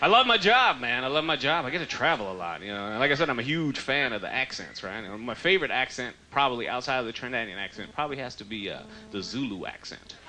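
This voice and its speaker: A man doing a stand-up comedy set on stage, animated, swinging between loud punchlines and low asides. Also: fast talker, few pauses, a little hiss or hum. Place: comedy stage before a live audience. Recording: live stand-up with very loud crowd laughter. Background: loud audience laughter.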